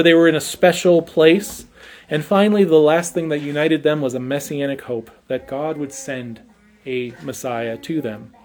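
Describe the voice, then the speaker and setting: A man's voice: a little high, darkish tone. A man preaching an expository sermon, earnest and emphatic, often repeating his first words as he goes. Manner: earnest, stammering repetitions, emphatic.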